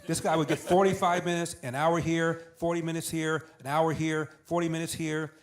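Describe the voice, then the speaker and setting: A man's voice: on the high side, normal speed. An older man tells a family story as a guest in an interview, slipping into the voices of the people he quotes. He builds his points by repeating phrases and stacking them one after another. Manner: animated storyteller who acts out dialogue and repeats for emphasis. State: tearing up.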